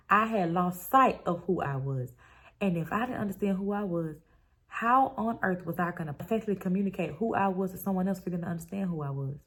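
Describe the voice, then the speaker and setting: Emphatic, playful woman podcast host. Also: fairly low pitch. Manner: emphatic, playful and conversational with slang. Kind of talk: motivational podcast monologue.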